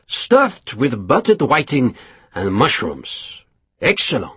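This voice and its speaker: A male narrator voicing a genial, gentle-mannered French marshal in an audiobook. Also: mid-range voice, huge pitch swings, slow pace, breathy edge, no room sound, full character voice.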